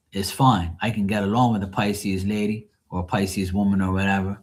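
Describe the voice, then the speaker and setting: Hosting a tarot livestream, a man chats casually with his viewers in a lowish, darkish-toned voice. He is a tarot reader whose conversation runs blunt, rambling, and full of profanity.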